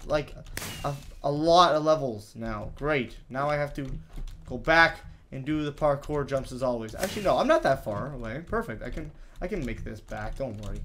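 A man commentating his gameplay live, getting frustrated and talking to himself in quick restarts. His voice is bright and sharp, swinging widely up and down, with keys clicking behind him. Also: mid-range voice. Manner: frustrated, excitable, talks to himself with many restarts. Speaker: gaming YouTuber.

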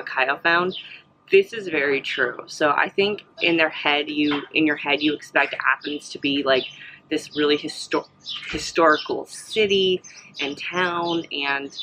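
A woman's voice: sits low, noisy background. A young woman vlogger giving a casual, rambling travel recap, full of fillers and restarts, with the hiccups. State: has the hiccups.

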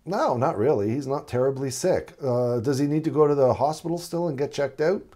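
Mellow-voiced man teaching paramedics. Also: mid-range voice, brisk. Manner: conversational, acts out patient dialogue. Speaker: paramedic instructor. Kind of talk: recorded teaching presentation.

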